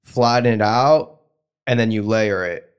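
Young man, podcast co-host, smooth resonant voice, laid-back teasing chat. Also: on the low side, a little slow. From United States. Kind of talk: casual chat.

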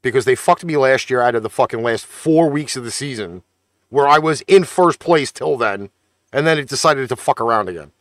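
A man on a sports podcast who rants with plenty of swearing and gets loud and fired up. His voice sits at an ordinary middle pitch. The recording is dry and close, with no room sound. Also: fairly quick, no room sound. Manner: profane, animated ranting. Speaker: podcast co-host and producer. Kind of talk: casual sports chat.

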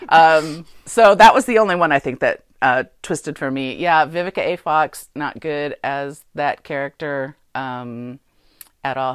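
A woman co-hosting a casual movie review chat, talking in an animated, emphatic way with many fillers and repeated words. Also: sits low, a little slow. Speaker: podcast co-host.

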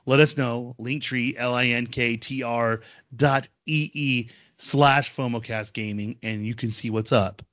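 A man co-hosting a podcast, chatting casually and excitedly with frequent fillers. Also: mid-range voice, measured pace, no echo, clean studio sound. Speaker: podcast co-host. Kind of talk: casual chat.

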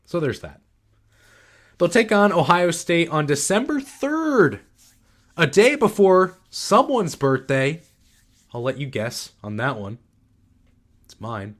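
A man's voice: a little high, very animated, slow pace, pauses often. A man hosting a sports podcast, giving blunt, sarcastic takes in a casual way with frequent restarts. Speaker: podcast host.

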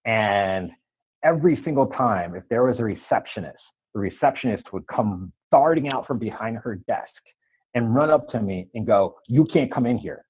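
A man telling a personal story as a guest in a casual interview, animated and laughing now and then, through a tinny phone-like sound. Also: on the low side, moderate pace, slightly rough.

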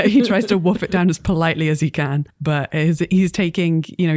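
A woman's voice: on the low side, darkish tone, no room sound, clean studio sound. A woman from the North West of England with a Merseyside accent, running a tabletop game as game master, chatty and laughing often. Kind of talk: narrating a tabletop game with character voices.

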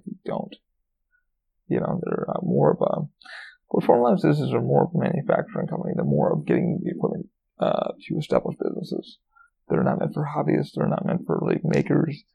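A man's voice: fairly high pitch, sing-song, fairly quick, gravelly, slightly rough, highs cut off. A man hosting a solo podcast, rambling casually with lots of swearing, fillers and restarts. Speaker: podcast host.

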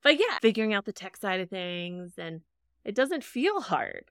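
This woman chats on her podcast in a smooth, crisp voice, right up close to a dry mic with no room sound. She talks in a casual, self-deprecating way and laughs easily as she goes. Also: medium pitch, big pitch swings, moderate pace, a bit bright, no room sound. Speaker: podcast co-host and producer. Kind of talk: casual chat.

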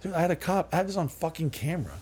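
Racing along in a slightly rough, somewhat high voice, a middle-aged podcast guest spins profane, animated stories in a casual interview, voicing other people's quoted lines himself.

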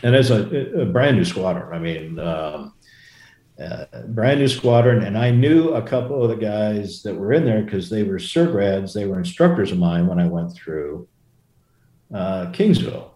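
Middle-aged male storyteller, very low mellow voice, roomy echo, rambling anecdotal delivery. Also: lively intonation, a little slow. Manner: rambling, self-correcting anecdotes with quoted voices. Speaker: former fighter pilot guest. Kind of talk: storytelling in a casual interview.

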